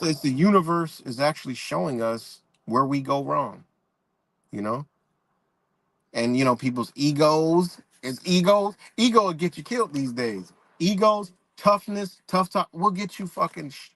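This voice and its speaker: This livestream host is a man with a fairly high, fairly bright voice, recorded dry. He rants bluntly in profane street talk and greets viewers in the chat during a casual live-stream rant.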